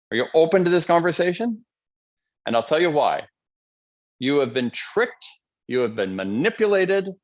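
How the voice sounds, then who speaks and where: A man hosting a live online seminar as a motivational coach, talking energetically and playfully, addressing the audience directly. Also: medium pitch. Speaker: motivational coach, event host.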